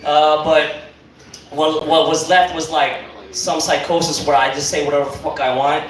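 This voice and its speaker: High-voiced man doing rambling stand-up. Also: little pitch movement, moderate pace, fairly bright tone, a little hiss or hum. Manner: rambling, profane, lots of fillers. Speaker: stand-up comedian. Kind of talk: stand-up set. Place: comedy club stage. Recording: echoey club, mic from far off, crowd. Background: audience laughing.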